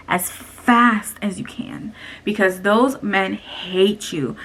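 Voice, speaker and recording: A young woman telling a story to her camera at home, blunt and profane as she vents. Her voice has a gravelly, creaky edge and sits at an ordinary middle pitch. Faint background noise runs under the recording. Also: a little slow. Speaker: vlogger. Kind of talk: casual story time vlog.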